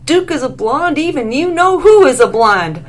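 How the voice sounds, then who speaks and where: A woman voicing a shrill, indignant young female vampire who shrieks in offense, in a read-aloud story. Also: big pitch swings, moderate pace.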